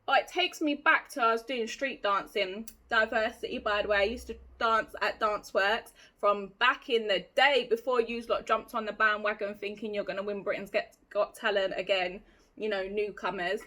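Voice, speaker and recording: A woman in her late twenties with an Essex accent, telling a story in casual chat, animated and laughing often. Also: medium pitch, normal speed. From England. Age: late 20s. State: runny nose. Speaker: podcast host.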